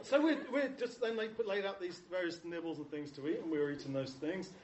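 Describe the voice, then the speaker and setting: A rather high-voiced Englishman tells chatty, self-mocking stories to a crowd, slipping into the voices of the people he quotes. He sounds distant from the microphone, and his words ring through a large echoey hall. A faint hiss runs underneath. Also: fast, darkish tone, dull audio. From England. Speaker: speaker showing photos to an audience. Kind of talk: humorous anecdotal talk.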